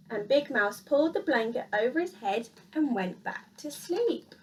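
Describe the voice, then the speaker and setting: A woman reading a children's picture book aloud in an expressive, sing-song storyteller manner. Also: fairly high pitch, a little slow, few pauses, recorded from a distance.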